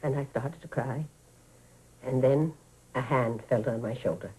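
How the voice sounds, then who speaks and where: An old storyteller. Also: female voice, extremely low pitch, a little slow, warm tone, breathy edge, exaggerated voice, poor audio. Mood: warm reminiscing. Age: older. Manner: fond, vivid storytelling with sighs. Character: elderly Irish woman telling a childhood tale to children. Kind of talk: 1980s radio drama.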